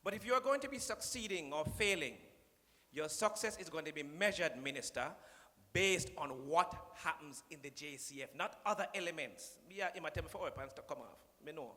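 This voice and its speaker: High, bright Jamaican man joking at a podium. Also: animated, brisk. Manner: playful, teasing, slips into patois. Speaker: conference speaker addressing the minister. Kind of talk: joking public speech. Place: conference hall. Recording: long reverb of a large hall.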